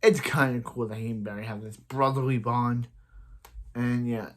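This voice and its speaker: A man's voice: medium pitch, steady tone, moderate pace, slight background noise. A man giving a casual, rambling recap of a TV episode, full of restarts and filler words. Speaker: show reviewer.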